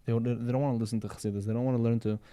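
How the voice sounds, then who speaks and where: A man's voice: mid-range voice, steady tone, racing, a crowd in the background. A man in casual podcast conversation, rambling and repeating words, often checking in with "right?" and "you know". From Sephardi background.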